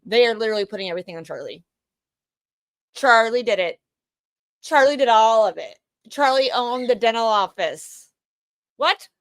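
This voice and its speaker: A woman's voice: a little high, lively intonation, moderate pace, pauses often. A woman with a Boston accent giving brash, profane, mocking live commentary on a trial. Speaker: livestream host.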